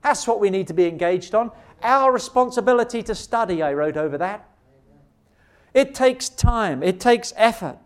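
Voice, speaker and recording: A man delivers a sermon in a high-pitched voice. He leans on rhetorical questions and drags out key words for emphasis, speaking straight to his listeners. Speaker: preacher.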